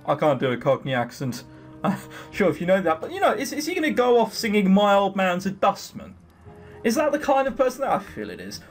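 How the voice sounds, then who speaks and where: A man's voice: high-pitched, huge pitch swings, brisk, faint music behind. A man commentating a visual novel game as host, making joking, sarcastic asides. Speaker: let's play host.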